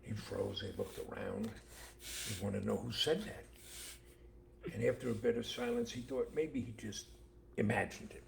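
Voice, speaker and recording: An older man co-hosting a casual chat, telling jokes and stories with animated voices for the characters. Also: fairly low pitch, unhurried, vocal fry, long pauses, a little hiss or hum. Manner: animated storyteller acting out voices. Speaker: co-host, father.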